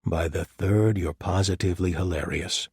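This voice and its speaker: A man voicing a large, dry-humored male paladin captain, with deadpan wit. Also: low-pitched, moderate pace, slightly rough, no echo, full character voice.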